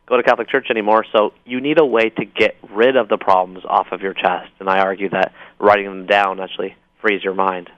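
A man, an author calling in to a talk show, explaining his ideas with upbeat enthusiasm and quick jokes. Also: on the low side, fairly even intonation, no room sound. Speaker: author guest. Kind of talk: call-in interview. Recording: dull dry phone-in line.

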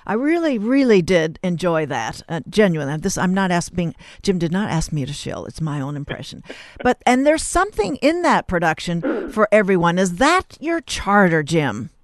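A woman's voice: lowish voice, sing-song, normal speed, dry recording, clean studio sound. A woman hosting an interview, chatty and enthusiastic, often restarting her sentences. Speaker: host. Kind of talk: casual interview talk.

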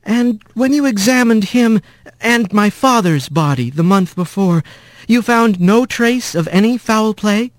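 A man's voice: high voice, expressive, measured pace, no room sound, voice pushed up. A man voicing a young female mouse lawyer who asks careful, pointed questions. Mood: probing.

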